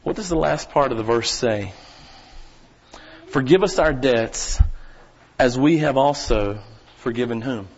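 A man preaching a sermon as pastor, folksy and talking straight to the congregation, his voice swelling at times into near-shouting. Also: mid-range voice, unhurried, slightly rough, muffled recording. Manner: preaching with sudden rises to shouting; folksy, addresses the congregation directly.

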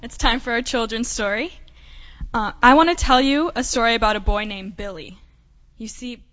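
Woman telling a children's church story. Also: a little high. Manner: gentle, simple storytelling. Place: church sanctuary. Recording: lo-fi church broadcast, long hall reverb.

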